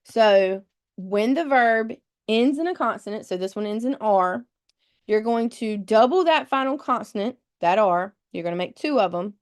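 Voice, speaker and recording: Teaching a live test-prep webinar, a woman speaks at normal speed in a fairly high voice with lively intonation. She explains rules patiently, one step at a time, spelling out words letter by letter.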